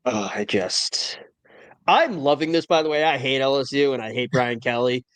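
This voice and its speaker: A man's voice: medium pitch, fairly quick, fairly bright tone, clean tone. A man hosting a casual college football podcast, talking in a wry, opinionated way. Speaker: podcast host. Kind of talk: casual sports talk.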